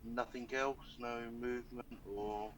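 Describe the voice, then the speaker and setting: A man's voice: medium pitch, steady tone, unhurried, a little hiss or hum, low-quality recording. A man playing a casual tabletop game, plainly describing his moves. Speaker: player.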